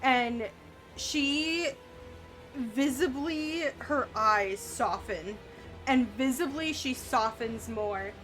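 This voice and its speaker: A woman runs a tabletop game, narrating in a slow, easygoing way with little fillers. Her voice sits a touch high. Soft music plays behind. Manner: unhurried, conversational narration with fillers. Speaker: game master.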